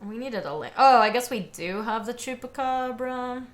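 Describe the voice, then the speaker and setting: A woman's voice: fairly high pitch, animated, normal speed. A young woman giving casual commentary on a card game, chatting with viewers as she plays. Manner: chatty, talks to viewers and chat while playing. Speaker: streamer playing a card game.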